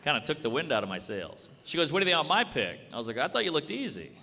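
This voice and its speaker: A man doing stand-up comedy, brash and deadpan, acting out quick back-and-forth exchanges on stage. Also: fairly high pitch, noisy background. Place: comedy club stage before a live audience. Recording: live club recording with reverb and crowd.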